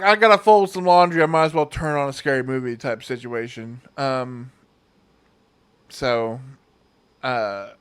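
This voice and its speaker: A man's voice: high-pitched, smooth. A young man hosting a casual movie review, rambling and sarcastic, with many fillers.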